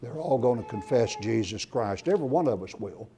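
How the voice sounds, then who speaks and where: A man's voice: mid-range voice, lively intonation, fairly quick. Emphatic man preaching a sermon. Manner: emphatic, rising loud on scripture and lists.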